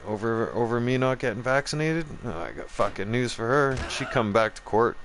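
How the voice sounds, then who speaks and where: A man's voice: medium pitch, animated, moderate pace, a bit bright, a little hiss or hum. A man hosting a gaming channel, ranting profanely in casual chat and talking straight to his viewers. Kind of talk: casual rant while streaming a game.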